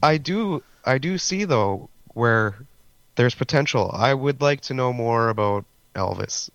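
A man's voice: mid-range voice, expressive, unhurried, fairly bright tone, no room sound. A man co-hosting a podcast, blunt and opinionated in casual chat. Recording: dull lo-fi sound.

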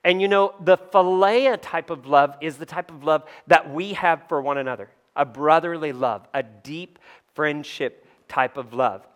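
A man's voice: fairly high pitch, a little slow, fairly bright tone, clear, resonant tone. A man preaching in a church, talking casually with the congregation and joking about himself. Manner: conversational, asks the room "right?" often; self-deprecating humor. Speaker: pastor. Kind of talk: sermon.

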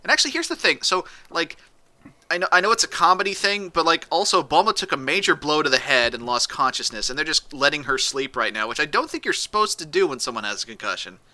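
Podcast guy going over the plot, wry and loose, really bright sharp voice. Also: a little high, lively intonation, fast. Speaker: podcast co-host. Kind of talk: casual chat.

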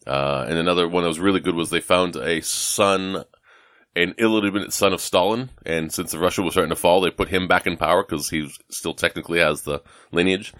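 Rambling low-voiced man, dry sound. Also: steady tone, fairly quick, a bit bright, no room sound. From United States. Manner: rambling, self-deprecating, lots of fillers and restarts. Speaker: podcast co-host. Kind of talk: casual chat.

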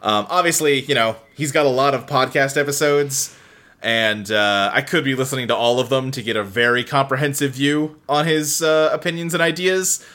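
Male podcast host, bright tone, animated, restless casual delivery. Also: mid-range voice, normal speed. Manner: animated, filler-heavy, frequent restarts.

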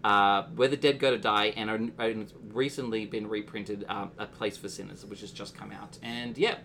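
A man's voice: lowish voice, steady tone, moderate pace, vocal fry, bright, forceful tone, slight background noise. A man from Australia, chatting as a guest author on a casual podcast, dry and wry. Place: apartment room with friends.

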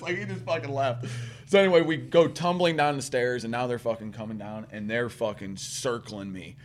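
A man telling a long story in casual podcast chat, swearing often and rambling with animated quoted voices. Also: medium pitch, a little fast, slight background noise.

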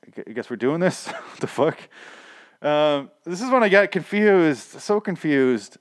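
A man's voice: fairly low pitch, dry recording, studio quality. A man casually recapping a TV episode, rambling and profane, laughing at his own asides.

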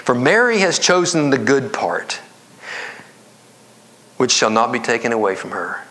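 A male pastor giving a conversational sermon that climbs to emphatic, high-pitched stress and drops to hushed whispers. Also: big pitch swings, measured pace. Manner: conversational preaching, rising to emphatic highs and dropping to whispers.

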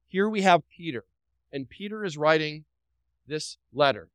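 A man's voice: a little high, animated, normal speed, fairly bright tone, smooth, dry recording, rough recording. Preaching man with a clean, dry voice. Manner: emphatic preaching, repeating phrases and asking the congregation questions; light joking asides. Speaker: pastor. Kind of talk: sermon.

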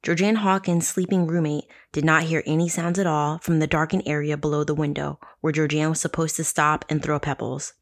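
A woman's voice: low-pitched, level tone, brisk, hardly any pauses. A woman hosting a casual true crime podcast, telling the story with sarcastic, profane asides. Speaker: podcast host.

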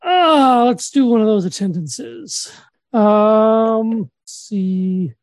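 A man from Saskatchewan co-hosting a comedy podcast, deadpan and halting with many restarts. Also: high voice, no room sound. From Saskatchewan, Canada. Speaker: podcast co-host.

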